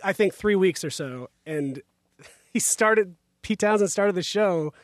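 A man's voice: sits high, expressive, slow pace, dry recording, studio quality. A man co-hosting a podcast, chatting casually and telling anecdotes. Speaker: podcast co-host. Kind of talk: casual chat.

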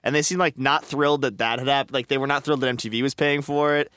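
A man in his thirties co-hosting a podcast, telling stories in an animated, casual way full of fillers. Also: medium pitch, quick pace, clean tone, dry recording. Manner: animated, filler-heavy storytelling. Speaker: podcast co-host. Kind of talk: casual chat.

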